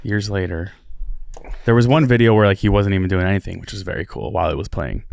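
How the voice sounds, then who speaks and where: A man with a very deep, gravelly voice jokes wryly at his own expense. His voice is close-miked and dry, with nothing behind it. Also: fast, a little mellow, dry recording. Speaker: guest. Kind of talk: casual group chat.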